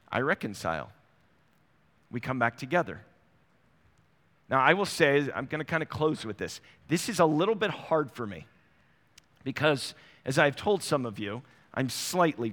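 A man's voice: mid-range voice, expressive, normal speed, long pauses, fairly bright tone. A middle-aged man preaching a sermon as pastor, in a conversational way that acts out small everyday dialogues. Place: church sanctuary. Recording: long hall reverb.

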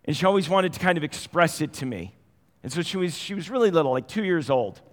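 A middle-aged man preaching a sermon, telling stories conversationally and moving between quiet and animated passages. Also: on the high side, fast. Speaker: pastor. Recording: long hall reverb.

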